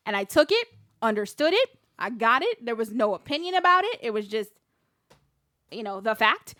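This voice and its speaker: Woman, podcast co-host, casual storytelling, a bit high, dry studio sound. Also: big pitch swings, normal speed, sharp tone, no echo. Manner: chatty, laughs often, storytelling. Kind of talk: casual chat.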